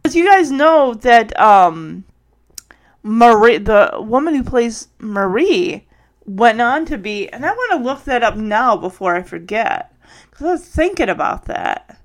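A woman's voice: fairly high pitch, very animated, unhurried. Rambling woman podcast host. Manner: rambling, thinks aloud with many restarts. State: tired, yawning. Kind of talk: casual solo podcast chat.

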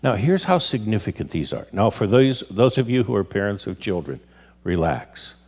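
Deep-voiced man telling family stories. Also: moderate pace. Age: middle-aged. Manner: storytelling, animated quoted voices. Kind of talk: conversational talk with stories.

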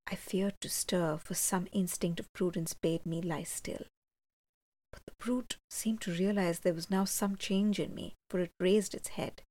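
A woman reading a first-person gothic story aloud, measured and slowing for suspense. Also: fairly low pitch, a little mellow, no room sound. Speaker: audiobook reader.

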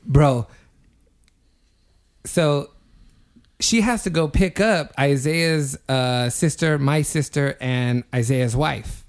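A young man in his twenties, co-hosting a podcast, tells a story in casual chat with lots of swearing and building energy. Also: mid-range voice. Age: 20s. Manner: animated, profane, building a story step by step. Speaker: podcast co-host.

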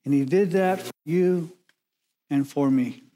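A man preaching a sermon as pastor, measured and emphatic, slowing down and pausing to stress key words. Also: on the high side, warm tone.

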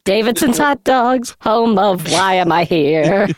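A woman playing a baffled, politely deadpan intruder in an improvised comedy commercial. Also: mid-range voice, takes it slowly, slight background noise. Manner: deadpan, repetitive questioning.

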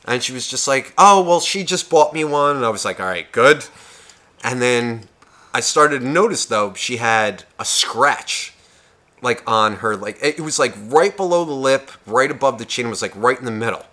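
A man's voice: mid-range voice, moderate pace. A man co-hosting a podcast, telling a bar story in casual chat, swearing a lot and acting out what others said. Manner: profane, animated, quotes others in shifting voices. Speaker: podcast co-host.

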